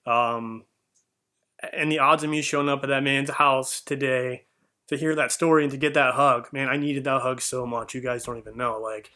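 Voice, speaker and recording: A man's voice: mid-range voice, steady tone, moderate pace, pushed and bright. A young man telling a heartfelt personal story in an earnest, rambling way, with fillers and restarts. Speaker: vlogger.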